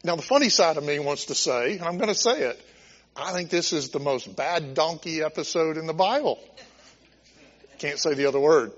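A male pastor delivers an impassioned, conversational sermon, his fairly high voice rising and falling widely. The recording is dull and lo-fi, with a long reverb trailing through the church hall. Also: lively intonation, a little fast. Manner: impassioned, conversational preaching with restarts.

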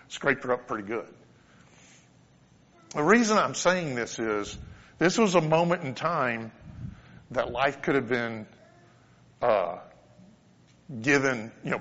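A man's voice: medium pitch, a bit bright. A man giving an informal, conversational sermon as a pastor, telling a personal story with earnest asides. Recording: dull lo-fi sound in a reverberant hall.

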